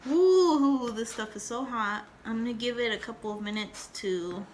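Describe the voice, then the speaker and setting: A woman's voice: a little high, normal speed, a little hiss or hum. A young woman telling a rambling story and chatting in a casual home vlog, with lots of fillers and acted-out quotes. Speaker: vlogger.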